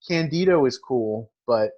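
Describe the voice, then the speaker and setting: A man's voice: medium pitch, animated, measured pace, dull audio. A man co-hosting a casual wrestling chat, talking in a laid-back, matter-of-fact way with blunt opinions. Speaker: co-host.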